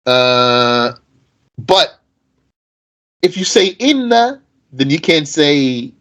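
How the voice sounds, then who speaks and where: An animated man, teaching Arabic grammar and firing off rhetorical questions. His voice sits a little high, and its pitch swings widely as he stresses each point. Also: drawn-out words, rough recording. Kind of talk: explanatory lesson.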